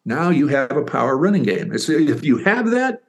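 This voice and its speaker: An older man, a former football player and author, telling stories in an interview with animated, rambling enthusiasm. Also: fairly high pitch, normal speed, creaky. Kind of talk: interview storytelling.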